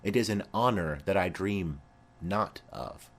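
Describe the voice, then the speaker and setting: A man's voice: low voice, unhurried. A man reading the part of a reserved young noblewoman giving polite, brief replies. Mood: dutiful.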